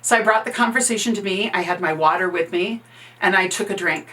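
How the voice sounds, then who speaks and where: Lady coach telling a story, medium pitch, pauses for effect. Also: sharp tone. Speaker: workplace coach. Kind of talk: storytelling talk.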